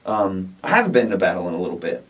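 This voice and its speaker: Husky-voiced man chatting upbeat, off-mic. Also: low voice, big pitch swings, rapid-fire, fairly bright tone. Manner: upbeat, rambling, restarts often. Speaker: co-host of a comedy rap video series. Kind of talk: casual chat. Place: their recording studio. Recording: voice a bit far from the mic.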